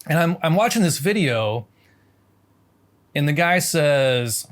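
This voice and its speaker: A man with an American accent talks through a lesson in a loose, storytelling way, often restarting his sentences and leaning on fillers. His voice sits a little higher than most men's, and he sounds thoughtful rather than rehearsed. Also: animated, takes it slowly, slight background noise. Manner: reflective, with frequent restarts and fillers. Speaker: language teacher.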